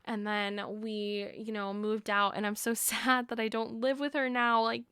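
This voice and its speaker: Young woman podcast host, gushing and sentimental chat, clean smooth tone, dry booth-like sound. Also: a little high, flat delivery, unhurried, bright, forceful tone, no room sound. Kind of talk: casual chat.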